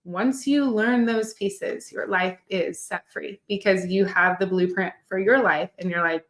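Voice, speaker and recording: A woman's voice: medium pitch, unhurried, hardly any pauses, a bit bright, echoey room. A young woman nutrition coach teaching a live online masterclass, upbeat and encouraging, often checking in with her listeners.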